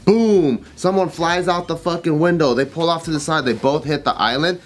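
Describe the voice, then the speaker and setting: A man's voice: on the high side, fairly quick, fairly bright tone, slight background noise. A man co-hosting a casual podcast, swearing and acting out startled reactions as he talks. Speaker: podcast co-host. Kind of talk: casual chat.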